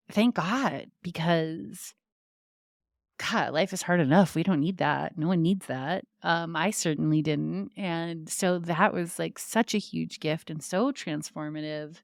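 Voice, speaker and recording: Slow, chatty woman podcaster. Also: lowish voice, clear, resonant tone, no room sound, studio quality. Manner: chatty, laughs often, many fillers. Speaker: podcast host. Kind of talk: casual storytelling monologue.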